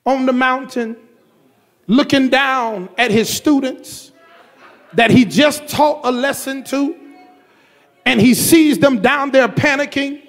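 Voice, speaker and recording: A male pastor delivers a sermon in a church. His voice sits extremely high and carries a gravelly rasp. He preaches in a rhythmic, repetitive cadence that breaks into shouted bursts.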